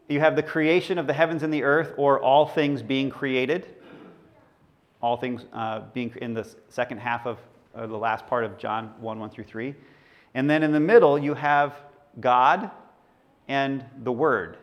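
A man's voice: mid-range voice, moderate pace. A male pastor preaching a sermon in a church, teaching through scripture in a conversational way and asking the congregation questions.

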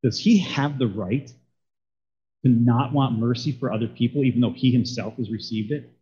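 A man's voice: medium pitch, moderate pace, dark tone, breathy edge, highs cut off. A man preaching a sermon as a pastor, talking conversationally and putting questions to his congregation.

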